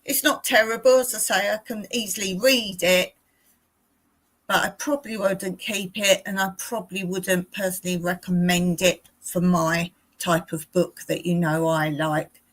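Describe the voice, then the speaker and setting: A woman's voice: on the low side, fairly even intonation, unhurried, low-quality recording. A middle-aged woman hosting a casual live stream, chatty and rambling, often laughing as she talks.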